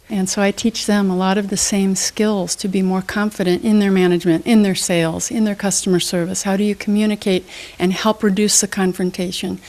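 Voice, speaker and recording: A middle-aged woman, a motivational speaker and trainer, explaining her methods as an interview guest with lots of examples and questions. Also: medium pitch. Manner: energetic, teaching with examples and questions.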